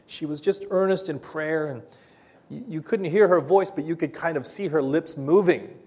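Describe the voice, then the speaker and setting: A man preaching a sermon, telling Bible stories in a hesitant way with many pauses and fillers. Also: on the high side. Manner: hesitant, many ums and uhs, gentle storytelling. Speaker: pastor.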